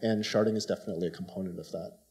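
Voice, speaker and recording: A man speaking on a conference panel, talking quickly and emphatically with many filler words. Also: deep voice, steady tone, darkish tone. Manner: fast, emphatic, heavy use of "like".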